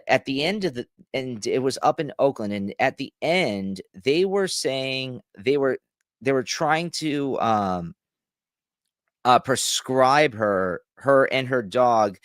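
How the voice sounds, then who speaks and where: A man with a mid-pitched voice reacts to a video on stream, ranting loosely and tripping over his own restarts. He swears freely. His mic is close and dry, with no room sound. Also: no echo. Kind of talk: casual ranting commentary.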